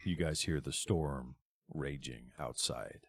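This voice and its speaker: Deep-voiced man narrating a tabletop game. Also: slow pace, husky, no echo. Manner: lively, descriptive narration. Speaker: game master.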